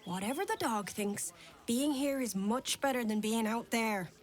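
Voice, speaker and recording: A woman voicing a patient wife in a video game who gently soothes her fussy husband. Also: fairly high pitch, measured pace, lightly acted. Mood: soothing. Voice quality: gentle, placating.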